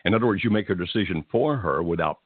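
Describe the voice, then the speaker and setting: A man hosting a call-in advice show, speaking gently and reassuringly to callers. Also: deep voice, quick pace, husky, dry recording, phone-quality sound. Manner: gentle, reassuring, calls people "my friend". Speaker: radio call-in host giving marriage advice. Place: Tennessee.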